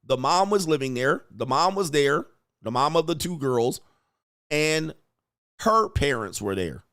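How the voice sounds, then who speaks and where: A man hosting a casual livestream, reading chat comments and telling stories in a profane, animated way. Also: fairly high pitch, measured pace. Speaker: host of a livestream show. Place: home studio.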